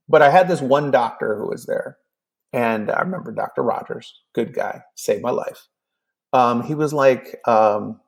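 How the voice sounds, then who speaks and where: Man, fifties, gravelly voice, middle pitch, animated storytelling, acts out both sides of a conversation. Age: 50s. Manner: animated, acts out dialogue with many fillers. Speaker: podcast guest. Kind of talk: casual storytelling.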